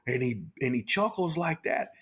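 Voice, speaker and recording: A man, a podcast guest telling a story in a casual, animated way and acting out the people and animals in it. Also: on the high side, normal speed, breathy edge. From Texas.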